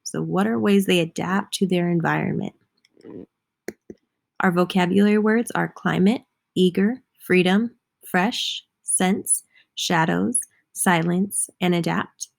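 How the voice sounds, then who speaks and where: Slow, gravelly-voiced woman teaching children. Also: lowish voice. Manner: patient, spelling words out letter by letter. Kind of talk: slow, clear lesson for young children.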